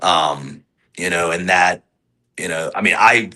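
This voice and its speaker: Male wrestler, 40s, low bright voice, chatty, filler-heavy, lively when quoting fans. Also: a little slow, rough recording. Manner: rambling, many fillers and restarts. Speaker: pro wrestler guest. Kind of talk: casual podcast interview.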